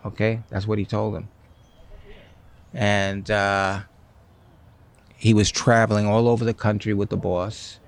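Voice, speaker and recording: A man in his sixties, a guest in an interview, telling stories in an animated way and acting out what others said. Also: lowish voice, unhurried, creaky, pauses often. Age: 60s. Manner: animated, acts out quoted speech. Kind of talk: storytelling in an interview.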